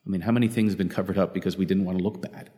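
Male preacher, low voice, earnest sermon delivery with frequent restarts, long church reverb. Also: fairly even intonation, racing, mellow. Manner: earnest, self-correcting with repeated restarts.

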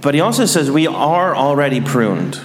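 A man giving a sermon as a priest, measured and dryly humorous. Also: on the high side, big pitch swings, slight background noise. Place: large church. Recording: echoey church hall.

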